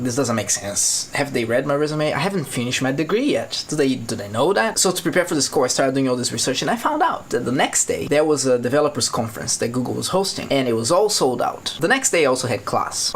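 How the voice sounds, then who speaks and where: Fast-talking Brazilian man vlogging. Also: slight background noise. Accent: Brazilian Portuguese. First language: Portuguese. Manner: animated, laughing often, acting out quotes in a higher voice. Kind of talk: casual storytelling vlog.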